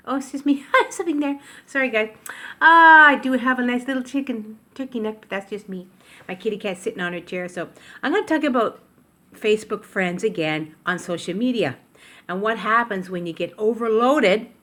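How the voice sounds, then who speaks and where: A woman's voice: fairly high pitch, fairly bright tone. Chatty older woman vlogging from her kitchen. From Canada. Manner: chatty, rambling, self-interrupting. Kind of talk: casual chat to camera. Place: home kitchen. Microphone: tablet camera.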